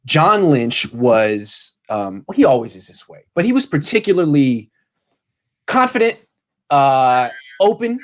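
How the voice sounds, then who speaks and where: A man hosting a casual sports talk show, animated and quick to paraphrase what others said. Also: medium pitch. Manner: animated, quotes people in paraphrase. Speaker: sports podcast host.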